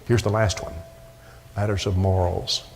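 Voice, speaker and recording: A man's voice: deep voice, level tone, moderate pace, vocal fry, slight background noise. Preacher man in an echoey church hall. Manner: emphatic, repeats words when pressing a point. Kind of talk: sermon. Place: church sanctuary.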